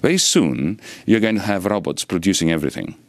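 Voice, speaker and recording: A man's voice: low-pitched, lively intonation, fairly quick, no room sound. A middle-aged man from Greece with a Greek accent, an economist answering interview questions in an expansive, lecturing way. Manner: expansive, lecturing with sweeping rhetoric. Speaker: economist and politician guest.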